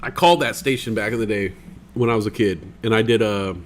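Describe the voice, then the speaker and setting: A man's voice: on the low side, fast talker, slight background noise. A young man co-hosting a livestream, telling stories in casual chat, swearing freely and acting out the voices of people he quotes. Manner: animated, swears often, acts out quoted voices. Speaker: stream co-host.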